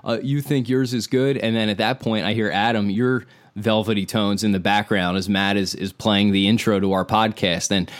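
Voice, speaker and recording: A man, hosting a podcast and retelling a story in a rambling, animated way with quoted dialogue. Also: fairly low pitch, moderate pace, few pauses. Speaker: podcast host. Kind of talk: casual podcast chat, storytelling.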